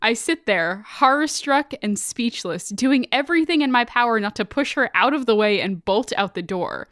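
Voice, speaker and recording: A woman's voice: on the high side, expressive, moderate pace, fairly bright tone, dry recording, studio quality. A woman podcast co-host reading out a listener's spooky story in a casual, dramatic, swearing way.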